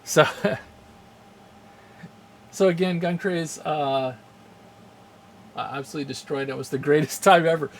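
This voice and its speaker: A chatty male game streamer with a fairly high voice rambles at a measured pace with long pauses, chuckling often and greeting chat viewers. It's casual live-stream chat on his game channel, with slight background noise.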